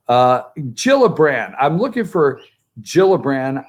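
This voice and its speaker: Man, political commentator, gravelly voice, sarcastic and joking, talking from outside by a pool. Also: a little high, animated, unhurried. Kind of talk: opinionated political talk. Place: outdoors by a pool, remote from the studio.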